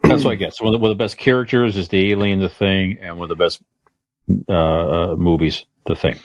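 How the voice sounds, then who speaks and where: A middle-aged man co-hosts a podcast, rambling and restarting as he gives his opinions. His voice sits very low, and the recording is dry and close. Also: steady tone, no echo, lo-fi sound. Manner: rambling, halting, full of restarts. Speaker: podcast co-host. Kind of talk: casual podcast chat.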